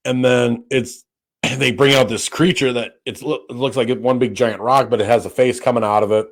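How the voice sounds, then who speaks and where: Rambling casual man, mid-pitched. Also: fairly even intonation, normal speed, vocal fry. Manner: rambling, lots of fillers and restarts; swears freely. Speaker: podcast co-host. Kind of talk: casual chat.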